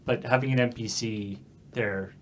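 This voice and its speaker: A man in a casual brainstorm, thinking aloud in halting phrases full of fillers. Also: medium pitch, steady tone, slight background noise. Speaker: comedy writer brainstorming sketches.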